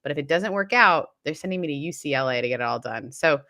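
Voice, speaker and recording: Bright-voiced low-pitched Canadian woman. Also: fast, no room sound, clean studio sound. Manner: candid storytelling with animated quoted voices. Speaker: co-host. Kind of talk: casual live-stream chat.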